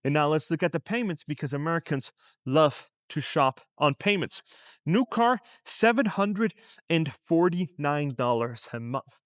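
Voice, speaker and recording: This male finance vlogger speaks a little slowly in a clean, somewhat high voice, giving relaxed, conversational commentary to camera outside a shop in a shopping district. Rhetorical questions to the viewer come up again and again, captured in close, dry sound without any room echo.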